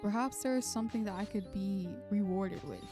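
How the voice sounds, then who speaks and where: A woman's voice: medium pitch, brisk, music in the background. A woman streamer chatting casually through gameplay, muttering to herself and swearing now and then.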